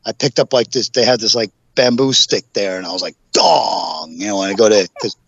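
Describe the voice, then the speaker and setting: A man's voice: fairly low pitch, fast, a bit bright, no room sound. Rambling man telling stories, dull lo-fi audio. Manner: rambling anecdotes full of fillers. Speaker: podcast guest, pro wrestler. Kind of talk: casual storytelling interview.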